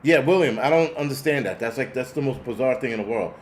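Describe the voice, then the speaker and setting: A man's voice: medium pitch, animated, fast talker. Blunt, profane male ranter. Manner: sarcastic, exasperated. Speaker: host. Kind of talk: ranting commentary reading chat.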